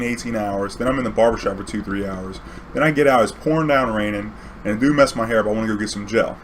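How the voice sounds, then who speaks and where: A man's voice: on the low side, slight background noise. A man, a cab driver telling a story in a rambling, conversational way, full of restarts and "you know"s. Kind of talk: casual storytelling.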